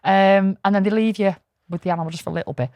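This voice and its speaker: A woman's voice: medium pitch, steady tone, fast, darkish tone, no room sound. A woman with a Liverpool accent co-hosting a podcast, chatting in a blunt, sweary, self-mocking way. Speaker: podcast co-host. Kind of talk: casual chat.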